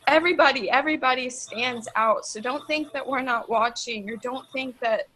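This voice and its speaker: A woman's voice: high-pitched, normal speed, bright, forceful tone, rough recording. A woman on a team video call adding earnest words of encouragement to the group.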